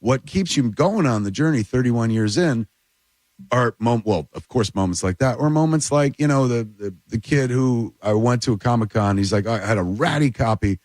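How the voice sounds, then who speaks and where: A man, a filmmaker guest telling animated, rambling stories in a casual studio chat. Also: mid-range voice, normal speed, no room sound. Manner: animated, rambling anecdotes with lots of "like" and "dude". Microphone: radio studio mic.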